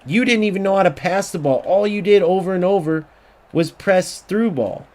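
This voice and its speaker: A man's voice: high-pitched, normal speed, darkish tone. A man giving ranting gameplay commentary, angry and profane, repeating himself and mocking other players. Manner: mocking voice when quoting others. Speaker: gaming YouTuber.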